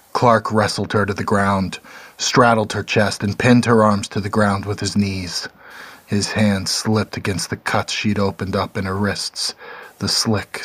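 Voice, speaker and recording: A man narrating a dark story in a measured, somber reading. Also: fairly low pitch.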